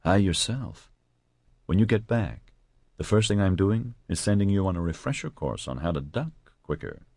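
A man's voice: deep voice, lively intonation, moderate pace, darkish tone, no echo, voice pushed up. A man reading the part of a harried male police chief with dry, terse speech.

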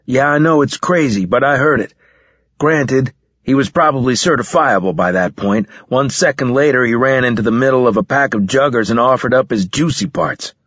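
A man's voice: mid-range voice, moderate pace, fairly bright tone, no room sound, pitched above the performer's own voice, lightly acted. A man narrating an audiobook voices a brash, cynical young male recruit soldier who talks in a somewhat raised, scornful voice. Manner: scoffing, cynical. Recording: slightly dull lo-fi recording.

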